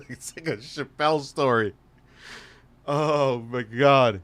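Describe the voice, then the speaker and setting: A man in the middle of his pitch range, chatting and telling stories on a live stream, swearing freely and laughing along the way. His voice sounds dry and close, with no room echo. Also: slow pace. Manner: profane, animated storytelling with laughs. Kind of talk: casual live-stream storytelling and chat.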